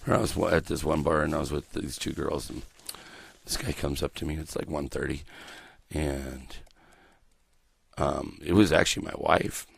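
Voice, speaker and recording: A man's voice: extremely low pitch, steady tone, normal speed, gravelly, breathy edge, no room sound. A middle-aged man hosting a morning radio show from a small studio, rambling through stories full of swearing and laughing at his own jokes. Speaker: radio host. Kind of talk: profane casual morning radio banter. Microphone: studio microphone.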